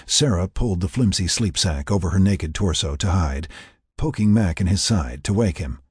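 A low-pitched man reads a story aloud with lively, swinging intonation. His tone is very husky and breathy, recorded close in a dry space. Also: moderate pace, dry recording. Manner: expressive, storytelling. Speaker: narrator. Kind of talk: audiobook narration.

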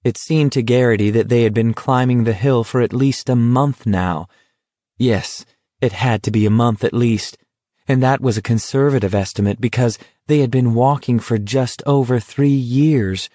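A man reading a novel aloud in a measured, even storytelling manner. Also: medium pitch, no echo. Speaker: narrator. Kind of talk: audiobook narration.

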